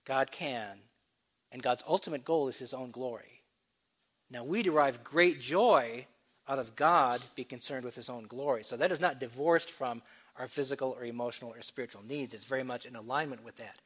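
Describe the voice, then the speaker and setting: A man delivering an expository sermon at a mid pitch. He moves between quick conversational asides and slow, deliberate readings of scripture, pressing on key words. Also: a bit bright, breathy edge. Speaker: preacher.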